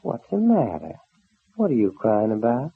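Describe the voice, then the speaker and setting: A man's voice: mid-range voice, wildly swooping pitch, normal speed, husky, heavily acted. An actor playing an easygoing young male cowboy hero with folksy talk in a 1930s radio serial. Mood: teasing. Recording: old narrow-band radio transfer.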